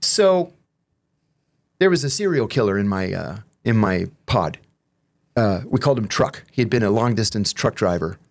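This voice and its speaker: A man, a guest on an interview show, telling profane stories in a casual, animated way. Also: lowish voice, normal speed. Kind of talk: casual storytelling.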